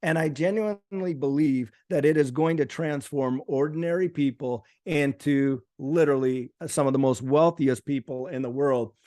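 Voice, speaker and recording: A man's voice: on the high side, moderate pace, hardly any pauses, a little mellow. A man guest in a casual chat, talking with emphatic enthusiasm. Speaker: guest commentator.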